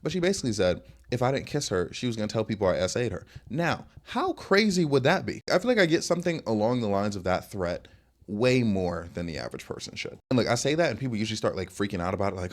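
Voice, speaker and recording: A young man hosting a podcast tells his own dating stories in a rambling, casual, animated way, packed with fillers. His voice is on the low side and he speaks fast.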